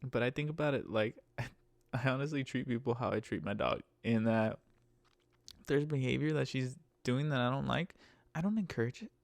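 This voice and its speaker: A man's voice: moderate pace, creaky, dry recording. A man hosting a podcast, talking about his work as a rideshare driver in a casual, profane, exasperated rant that he laughs through. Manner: animated, jumps into higher pitch when mocking. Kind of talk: casual ranting monologue.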